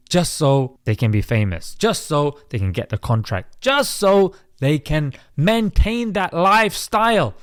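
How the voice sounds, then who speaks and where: A man's voice: sits high, no echo, studio quality. A British man hosting an opinion commentary vlog, preachy and chatty, calling his viewers mate. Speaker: host.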